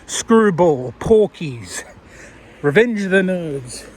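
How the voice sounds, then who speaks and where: A man's voice: high-pitched, expressive, slow pace, slight background noise. An Australian man talking casually to a viewer while walking outdoors along a road, rambling and self-deprecating. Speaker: vlogger. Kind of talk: casual walking vlog talk.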